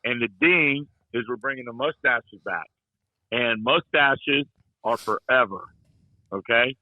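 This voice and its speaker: Unhurried and medium in pitch, a middle-aged man rambles through folksy stories, saying "you know" often and joking at others' expense. There's no echo, but the audio is narrow and tinny.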